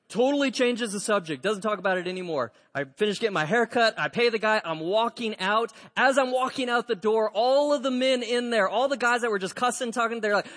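A man's voice: high voice, brisk, few pauses. A man preaching a storytelling sermon as pastor, acting out the dialogue in his story. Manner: animated storyteller, acts out dialogue. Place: church sanctuary. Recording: reverberant church hall.

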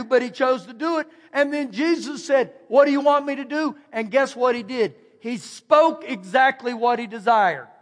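A pastor delivers a sermon in a casual, conversational manner. His voice sits very high for a man, and he slips into little acted voices for the people he quotes. A long reverb trails off every word in the church hall. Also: fairly bright tone. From Texas, USA. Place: church sanctuary.

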